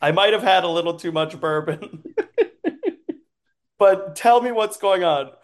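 A man's voice: high voice, a little slow. A man voicing a tipsy, blunt man in a casual, laid-back way.

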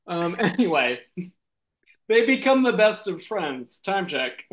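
A man with a high-pitched, very animated voice takes his time improvising a silly comic story. He rambles and giggles, with lots of ums and restarts.

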